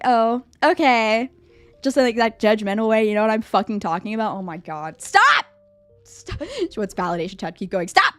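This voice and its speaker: A young woman streamer talks casually to her chat on a dry close mic with no room sound. Her voice sits a little high, and she gets animated, sometimes jumping into loud, high squeals. Faint music plays under her. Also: no room sound. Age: young adult. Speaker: VTuber streamer.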